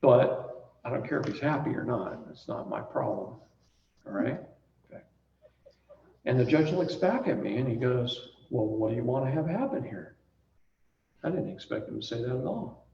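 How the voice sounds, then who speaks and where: Gravelly male speaker, storytelling lecture, echoey room, picked up from a distance, dull lo-fi sound. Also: mid-range voice, slight background noise. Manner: animated storyteller acting out dialogue, laughing along. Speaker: class speaker. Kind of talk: storytelling lecture to a live class. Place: large echoey room with audience.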